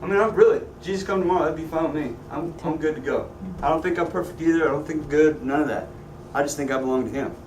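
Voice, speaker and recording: A man leads a Sunday school class with lively, joking energy and keeps asking his students questions. His voice sits high for a man. He is recorded from some distance in a roomy, echoey church classroom. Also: quick pace, few pauses, a little hiss or hum. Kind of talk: teaching a Bible class.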